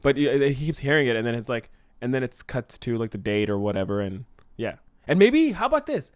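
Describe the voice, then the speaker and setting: A man's voice: mid-range voice, fairly even intonation, clean tone, no room sound, studio quality. A man co-hosting a podcast, brainstorming a story in a rambling, casual way with many fillers. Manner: fast, rambling, lots of "like". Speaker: podcast co-host.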